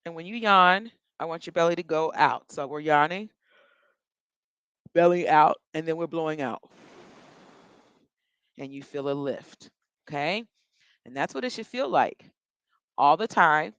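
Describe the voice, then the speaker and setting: A woman's voice: low voice, animated, unhurried, pauses often, a bit bright, smooth, no room sound, muffled recording. A woman vocal coach leading a workshop, giving chatty, encouraging instructions and demonstrating yawns and breaths as she teaches.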